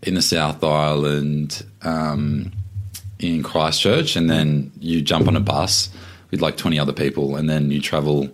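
A young man with a strikingly deep, low voice, chatting as a podcast guest. He talks in a laid-back way and slips in jokes and teasing. It is an easygoing conversation into a microphone indoors. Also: little pitch movement, a little slow. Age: 20s. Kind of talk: casual chat.

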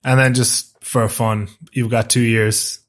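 A man's voice: medium pitch, little pitch movement, takes it slowly. A man hosting a casual podcast, asking easygoing questions. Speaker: podcast host. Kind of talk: casual chat.

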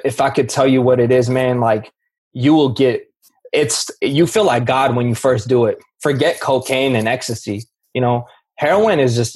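A man's voice: mid-range voice, slightly rough. A young man speaking candidly as an interview guest, slangy and earnest, often repeating himself. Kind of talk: candid interview recounting addiction.

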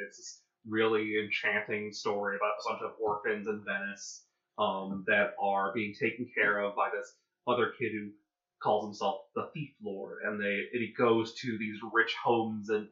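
Podcast co-host, man, enthusiastic casual talk, low sharp voice, echoey room. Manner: enthusiastic, storytelling. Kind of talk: casual chat. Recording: echoey room, dull lo-fi sound.

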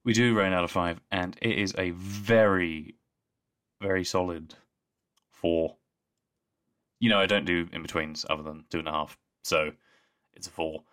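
A man co-hosting a podcast in casual chat, relaxed and a bit hesitant, laughing easily. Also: low-pitched, unhurried, long pauses. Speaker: podcast co-host.

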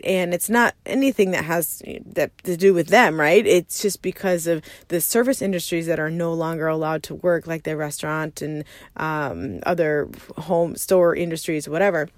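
Woman, thirties, raspy morning voice, rambling podcast talk, laughs often, dry close sound. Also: lowish voice, no room sound. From Arizona, USA. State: just woken up. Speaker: podcast host. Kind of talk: casual solo podcast monologue. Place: inside a parked van.

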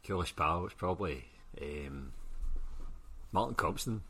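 A man's voice: low-pitched, expressive, bright, forceful tone, slightly rough. A young Glaswegian man, an author guest, chatting casually on a podcast and swearing freely, often laughing and acting out what other people said. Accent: Glaswegian Scottish. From Scotland. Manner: swears a lot, quick and laughing, acts out quoted people.

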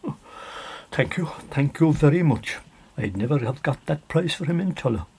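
A flustered, stammering Irish countryman, played by a man telling a folk tale. He stumbles over every start with rough, husky edges in the voice. Anxious and eager to please. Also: on the high side, animated, normal speed, darkish tone, heavily acted. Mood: grateful. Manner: stammering, nervous.

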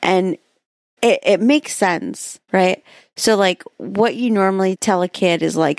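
Woman co-host, medium pitch, rambling and chatty, dry close sound. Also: a little slow, darkish tone, no room sound. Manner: rambling storyteller, heavy filler "like". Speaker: podcast co-host. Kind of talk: casual chat.

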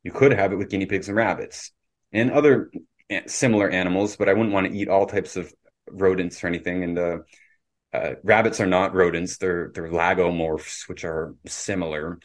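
A man's voice: deep voice, fairly even intonation, normal speed. A man from Canada hosting a casual podcast discussion, opinionated and lecturing in tone. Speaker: podcast host.

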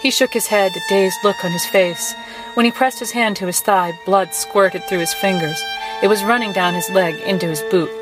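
A woman's voice: mid-range voice, steady tone, normal speed, poor audio. Woman narrating a tense story over music. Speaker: guest reader. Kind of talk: audiobook-style narration. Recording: music playing behind voice.

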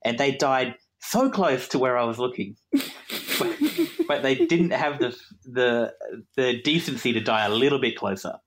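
On a podcast, a young Queenslander tells a meandering, self-mocking story, laughing often and slipping into asides. He speaks at medium pitch with lively intonation and a moderate pace, keeping the storytelling casual and conversational.

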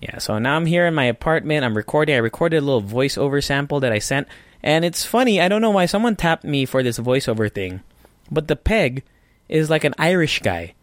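A man's voice: on the high side, lively intonation, brisk, no room sound. A man with a Filipino English accent hosting a casual solo podcast from his apartment, rambling and chatty with self-deprecating humor. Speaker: podcast host.

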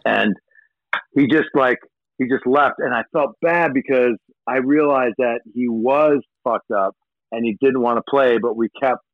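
A man's voice: medium pitch, measured pace, no room sound. A man telling rambling, profane anecdotes as a guest in a casual interview. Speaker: rock musician guest. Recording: tinny phone-like line, dry.

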